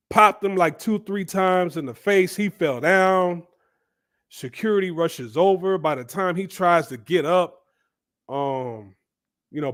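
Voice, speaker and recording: A man speaking tells a story casually, in a rambling, chatty manner. He often restarts his sentences and leans on fillers. His voice sits a little higher than most men's. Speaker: vlogger.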